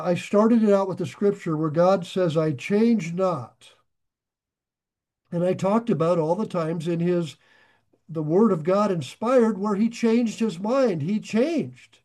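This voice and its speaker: This is a sermon from an older pastor whose voice is high and animated. His talk is homespun and straightforward, with jokes tucked between passages of scripture and sudden surges in volume when he hits an important point.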